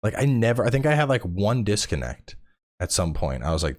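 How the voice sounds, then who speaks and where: Casting: man, 30s, very low voice with swooping, animated delivery; casual podcast guest who acts out his anecdotes. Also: fairly quick. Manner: animated storytelling, acts out quotes, swears casually. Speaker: podcast guest, game streamer. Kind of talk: casual chat.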